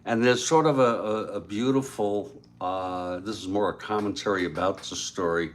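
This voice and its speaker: A man casually retelling a story aloud, unhurried, with frequent fillers and asides. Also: fairly low pitch, slight background noise.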